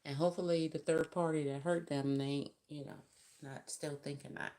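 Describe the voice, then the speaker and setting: Low-voiced chatty tarot reader woman. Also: fairly even intonation, normal speed, mellow. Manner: chatty, spiritual advice, emphatic asides. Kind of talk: live-stream tarot reading.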